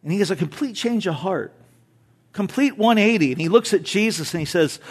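A male pastor preaching a sermon in a conversational, animated way, with rhetorical questions and light humor, swinging between loud emphasis and soft low asides. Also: fairly quick, breathy edge.

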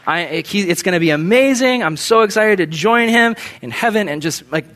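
High-voiced young male preacher. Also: moderate pace, a little hiss or hum. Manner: animated storytelling, conversational slang. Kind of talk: casual sermon.

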